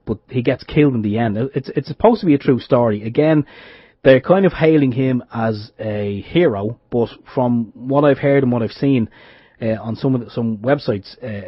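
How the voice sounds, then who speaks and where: A man's voice: medium pitch, husky, dry recording. A man co-hosting an internet radio show, talking in a rambling, hesitant way with many restarts. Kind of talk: casual radio chat. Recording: dull lo-fi internet radio audio.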